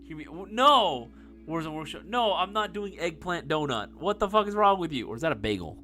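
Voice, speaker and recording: A man's voice: on the high side, lively intonation, brisk, sharp tone, soft background music. A young man hosting a casual live-stream Q&A, swearing freely and laughing often. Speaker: live stream host answering viewer questions.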